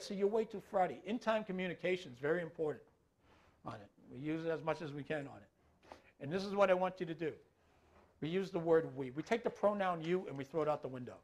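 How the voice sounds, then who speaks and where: A middle-aged man training an audience on dementia care, talking in a loose conversational way and often checking in with the listeners. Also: high voice. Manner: conversational, keeps checking in with the audience, tacks on filler phrases. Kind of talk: talk to an audience.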